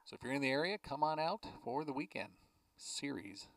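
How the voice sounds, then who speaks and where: A man's voice: expressive, brisk, a bit bright, distant mic, slight background noise, low-quality recording. Easygoing male baseball play-by-play announcer. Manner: easygoing, chatty between pitches.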